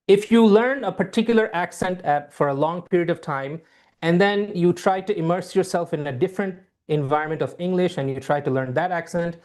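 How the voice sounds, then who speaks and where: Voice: medium pitch, a little mellow. A teacher running a live online class on a video call, answering students' questions in a friendly, patient way and repeating key points. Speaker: IELTS teacher. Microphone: computer mic on a video call.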